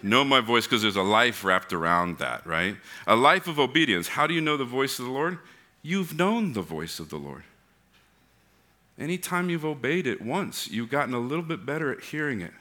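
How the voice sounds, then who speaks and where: A man's voice: mid-range voice, normal speed. A young adult man preaching a sermon, telling humorous stories and acting out the voices in them. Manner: animated, acts out voices in anecdotes. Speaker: pastor.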